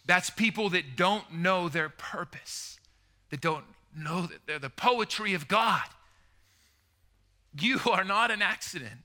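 Male preacher, sermon, high pitch, very bright and forceful tone, passionate, loud then hushed. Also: expressive, slow. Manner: passionate, swinging between loud emphasis and hushed tones.

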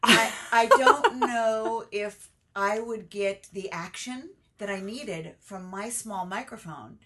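A woman's voice: medium pitch, sing-song, slow, bright, forceful tone, slight background noise. A woman co-hosting a casual podcast chat, candid and playful, often restarting her sentences. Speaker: podcast co-host.

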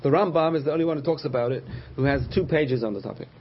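A man teaching a religious lesson, patiently explaining terms, repeating key words and pausing with frequent uh's. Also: on the high side, highs cut off. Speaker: Torah teacher.

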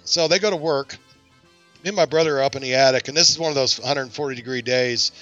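A man's voice: mid-range voice, quick pace, lo-fi sound, soft background music. A man hosting a podcast, telling a long story in casual chat and acting out the voices of the people in it. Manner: animated, acts out quoted voices in his stories. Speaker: podcast host.

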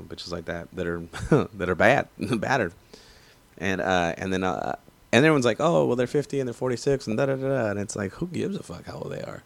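A man in his thirties ranting casually about sports and age, profane and rambling, getting animated when riled. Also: low-pitched, gravelly. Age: 30s. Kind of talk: casual rant.

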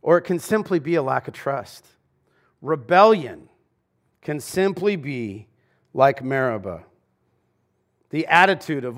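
Guy preaching a sunday sermon, kinda high voice, super casual and chatty like he's just talking to you. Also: lively intonation, a little slow, pauses often, fairly bright tone. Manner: casual, conversational preaching with slang asides. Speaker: pastor. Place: church.

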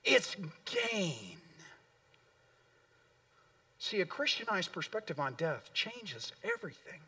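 A middle-aged male pastor delivers an earnest sermon in a church, leaning on repeated words for emphasis. His voice sits high for a man. He is picked up from some distance, so the sound is a little remote. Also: big pitch swings, normal speed, pushed and bright. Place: church sanctuary.

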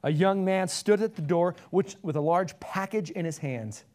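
A man's voice: high-pitched, normal speed, darkish tone. A male pastor telling an illustration story and closing his sermon with earnest appeals.

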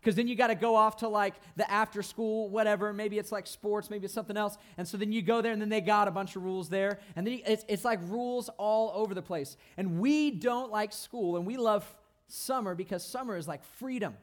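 A young man leads a youth sermon in a playful, animated way. His voice sits high for a man. He keeps checking in with the crowd as he talks. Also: fairly quick, few pauses. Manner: animated, playful, asks the crowd "right?" often. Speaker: youth pastor.

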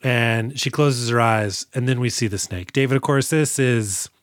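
A man's voice: medium pitch, normal speed, no echo, studio quality. A man co-hosting a podcast, retelling movie scenes in rambling, profane casual chat. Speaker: podcast co-host.

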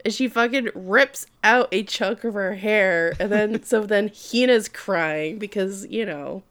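Woman, casual chat, recapping an anime, lively storyteller, cursing, laughing, smooth clear voice. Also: medium pitch, unhurried. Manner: animated storyteller, swears freely, laughs often. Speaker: podcast co-host.

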